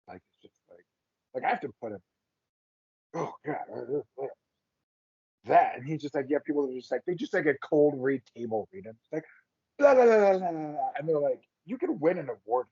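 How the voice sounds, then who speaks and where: A man's voice: medium pitch, expressive, fairly quick, mellow, husky, dry recording. A man who is a guest actor on a podcast, chatting casually and animatedly acting out quotes in his stories. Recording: slightly muffled dry podcast audio.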